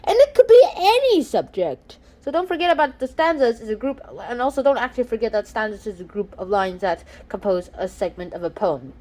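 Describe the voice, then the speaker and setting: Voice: mid-range voice, sing-song, fairly quick, hardly any pauses, a little mellow. A young host reading a study guide aloud in a casual lesson, stumbling over words and restarting often. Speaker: channel host.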